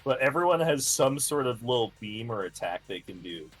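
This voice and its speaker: Husky, lively male stream guest. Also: medium pitch, moderate pace, soft background music. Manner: enthusiastic, lively. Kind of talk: casual chat on a livestream.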